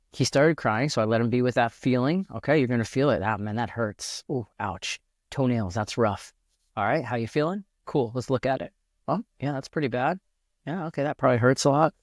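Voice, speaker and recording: A man's voice: medium pitch, no echo, clean studio sound. A man talking as a podcast guest in an earnest, reflective way, often restarting his sentences as he thinks aloud. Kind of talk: reflective casual conversation.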